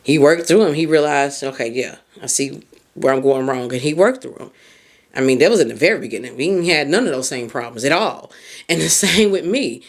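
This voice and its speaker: A woman hosting a podcast as a mindset coach, giving heartfelt advice and speaking straight to the listener. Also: a little fast. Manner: expressive pitch swings on emphasis.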